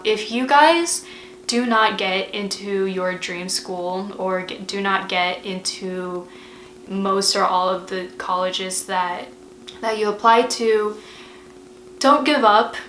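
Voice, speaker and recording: A woman's voice: medium pitch, steady tone, a little slow, a bit bright, roomy sound, slight background noise, poor audio. A young woman chatting in a casual advice vlog, emotional and full of fillers. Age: young adult. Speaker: vlogger.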